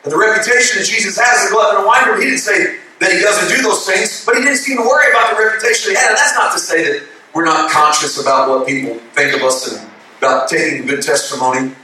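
A man preaching a sermon, building from calm teaching to shouted, passionate preaching. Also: sits high, fast, slight background noise. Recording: echoey hall from a distance.

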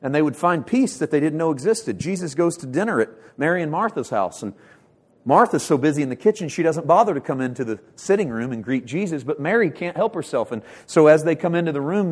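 A man's voice: on the high side, breathy edge. Impassioned male pastor preaching. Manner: impassioned preaching with sharp swings from loud to hushed; repeats words when building emphasis. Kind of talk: sermon.

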